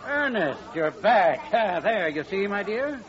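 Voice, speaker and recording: An actor playing a smooth-talking, scheming male Broadway promoter who narrates, in 1940s radio style. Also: sits high, big pitch swings, measured pace, a crowd in the background. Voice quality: glib, persuasive. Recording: dull old radio broadcast.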